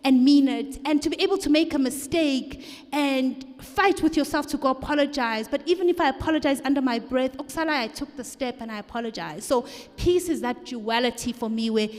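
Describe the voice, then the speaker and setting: A woman's voice: high voice, a little fast, a little mellow, big-room sound. A woman speaking candidly and self-deprecatingly at a book launch, often repeating her phrases. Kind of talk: candid personal reflection. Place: live event hall.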